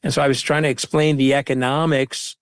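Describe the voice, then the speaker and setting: Animated, storytelling man guest. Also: medium pitch, a little fast, clean tone, no echo, clean studio sound. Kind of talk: conversational interview.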